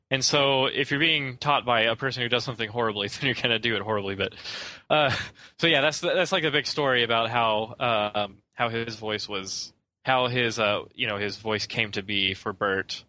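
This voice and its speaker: Halting, bright-voiced podcast guy. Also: mid-range voice. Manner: rambling and hesitant, full of "I don't know". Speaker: podcast co-host. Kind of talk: casual film discussion.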